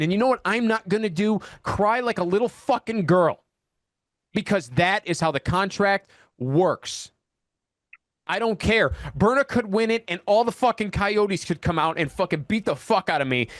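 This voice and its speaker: A man's voice: high voice, fairly bright tone, no room sound, clean studio sound. A man guesting on a podcast, ranting angrily and profanely in a heated, repetitive way. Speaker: wrestling champion guest.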